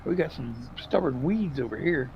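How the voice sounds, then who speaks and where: A man's voice: a little high, expressive, moderate pace, gravelly, lo-fi sound, a little hiss or hum. An older man, a grandfather, chatting easily with short replies while playing a farming game. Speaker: co-player. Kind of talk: casual gameplay chat.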